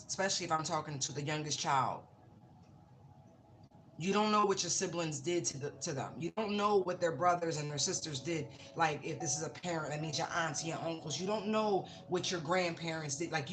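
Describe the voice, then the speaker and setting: A woman's voice: sits low, a little hiss or hum. A woman giving a casual tarot reading, talking bluntly and swearing freely. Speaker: tarot reader. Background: music.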